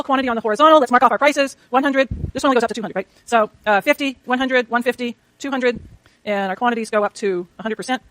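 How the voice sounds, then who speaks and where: A woman lecturing a university economics class, rushing through clicker questions and talking to herself as she works her slides. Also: on the high side, a bit bright, no room sound. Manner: rapid, chatty, self-talk while working slides. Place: lecture hall.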